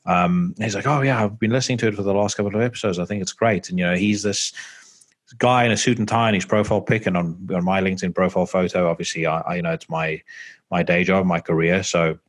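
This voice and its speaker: Deep-voiced man hosting a metal podcast. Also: steady tone, fast talker. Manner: rambling, many fillers, swears casually. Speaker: podcast host. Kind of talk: casual chat. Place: home podcast setup.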